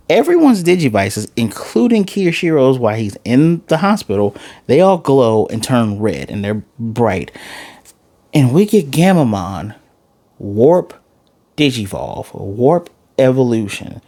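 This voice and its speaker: Animated man recapping an anime episode. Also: mid-range voice, measured pace. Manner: animated retelling, acts out lines, rambling. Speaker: anime reviewer. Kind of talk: casual episode recap and rant.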